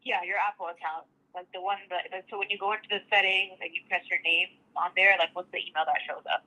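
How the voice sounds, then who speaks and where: A woman's voice: fairly low pitch, fairly even intonation, pushed and bright. A woman working as a tech support agent on a call, chatty and loose with filler words. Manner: quick, chatty, full of "like" and "I mean". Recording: dull lo-fi phone line.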